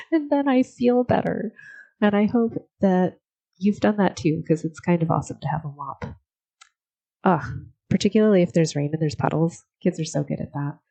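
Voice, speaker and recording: A woman hosting a solo podcast, talking in a reflective, gently encouraging way and laughing often. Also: lowish voice, moderate pace, gravelly, long pauses, dull audio. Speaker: podcast host.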